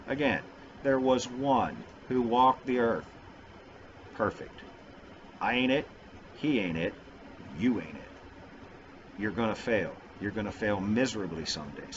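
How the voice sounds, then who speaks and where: A man's voice: mid-range voice, a bit bright, slight background noise. A middle-aged man talking on his own vlog about faith in a casual, rambling, self-mocking way. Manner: rambling, goofy, self-deprecating. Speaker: vlogger. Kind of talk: casual religious vlog talk. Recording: dull lo-fi sound.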